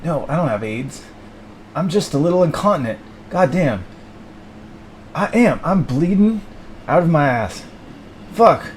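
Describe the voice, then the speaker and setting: A man voicing a meek, apologetic man who mumbles low and quiet. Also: very animated, measured pace, long pauses, a little hiss or hum. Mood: sheepish.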